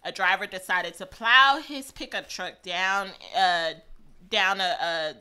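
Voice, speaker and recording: A woman's voice: medium pitch, slow pace, sharp tone, clear, resonant tone. A woman hosting a radio talk show, earnestly reading out news topics with many "um" fillers and some stumbles.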